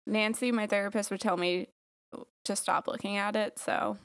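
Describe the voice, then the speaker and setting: A woman's voice: mid-range voice, steady tone, moderate pace. Giggly chatty woman podcast host. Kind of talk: casual chat.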